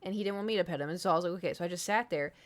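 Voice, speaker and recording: A woman's voice: fairly low pitch, very fast. A woman streamer chatting casually to her viewers, telling a long rambling story full of fillers and blunt swearing. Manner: rambling, filler-heavy, candid and profane.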